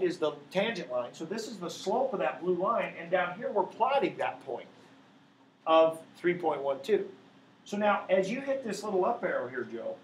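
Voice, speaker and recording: A man teaching a math class, walking patiently through each step and checking in with the students again and again. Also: sits high. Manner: keeps checking in with students by asking "right?". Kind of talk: classroom lecture. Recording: echoey classroom with faint background noise.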